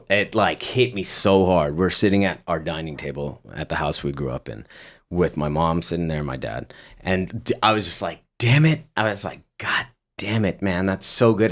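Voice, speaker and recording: A young guest musician from Las Vegas, United States, rambles through stories in a casual interview chat, full of fillers and laughs. His voice is low and a bit bright.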